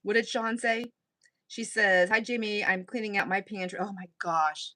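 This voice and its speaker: A woman's voice: medium pitch, fairly even intonation, moderate pace, pushed and bright, no echo. A woman hosting a craft live stream, chatting casually and rambling with frequent laughter. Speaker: craft channel host.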